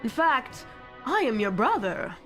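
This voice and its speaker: A woman's voice: fairly high pitch, big pitch swings, measured pace, over music. A woman voicing a pompous British male villain mayor, haughty and theatrical, with a British accent. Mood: smug.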